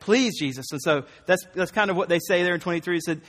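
A man preaching a conversational, animated sermon, often acting out the voices of the people he quotes. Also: high voice, quick pace, big-room sound.

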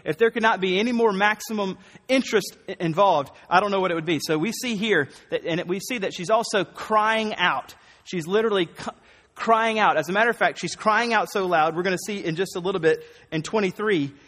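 A man preaching a conversational, animated sermon, often acting out the voices of the people he quotes. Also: high voice, in a large hall.

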